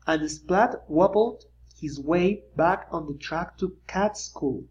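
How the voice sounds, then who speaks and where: A reader narrating a children's picture book aloud, with lively storytelling and pointing asides. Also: mid-range voice, slow pace, highs cut off, slight background noise.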